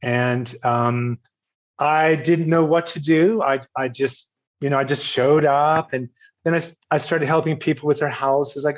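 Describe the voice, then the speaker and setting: Older guy from virginia telling a story, keeps restarting sentences, bit muffled audio. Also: a little high. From Virginia, USA. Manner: halting, self-correcting storyteller with frequent laughs. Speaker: podcast guest. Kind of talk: casual storytelling interview.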